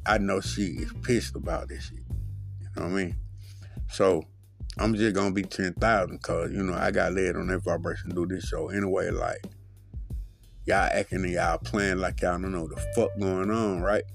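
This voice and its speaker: A man's voice: deep voice, fairly even intonation, moderate pace, gravelly, faint music behind. A man hosting his own solo podcast, talking in a profane, rambling, loose way with lots of fillers. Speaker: podcast host.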